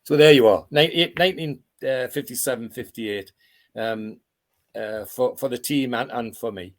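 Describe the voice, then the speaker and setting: In a casual reminiscing interview held on a video call, a Tyneside man in his 80s who used to play football rambles through his memories, restarting sentences and chuckling. He speaks in a mid-range voice at a moderate pace.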